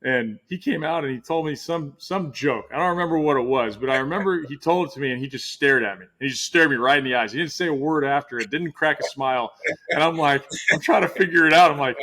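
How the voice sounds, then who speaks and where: A man's voice: a little high, quick pace, sharp tone. A middle-aged man hosting a casual interview, talking in a rambling way with many restarts. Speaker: podcast host.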